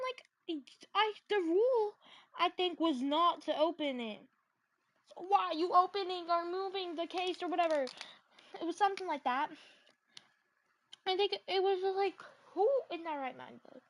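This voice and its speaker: A woman's voice: extremely high pitch, fairly bright tone. A woman vlogger ranting casually and animatedly, packing her talk with "like" fillers and exasperated asides.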